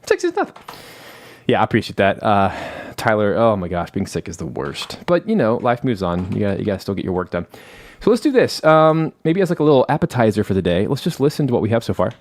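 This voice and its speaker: A man's voice: lowish voice, sing-song, fast talker, hardly any pauses. A man with a cold hosting a casual live stream from his home studio, talking in a chatty, rambling, self-deprecating way into a vocal mic. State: has a cold. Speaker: live stream host and composer. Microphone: studio vocal mic through a manual analog mixer.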